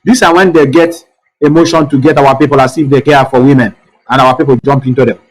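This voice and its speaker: A man's voice: mid-range voice, fairly even intonation, fast, low-quality recording. A man hosting a live online talk show, repeating himself and fussing as he tries to reach callers. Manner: repetitive, fussing over technical trouble. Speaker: host.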